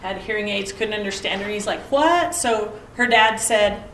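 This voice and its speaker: A woman's voice: medium pitch, little pitch movement, moderate pace, fairly bright tone, a little hiss or hum. Middle-aged woman teaching in an echoey room. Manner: asks listeners pointed rhetorical questions, tells family anecdotes. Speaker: Bible study teacher. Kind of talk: conversational Bible lesson. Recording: echoey room, mic at a distance.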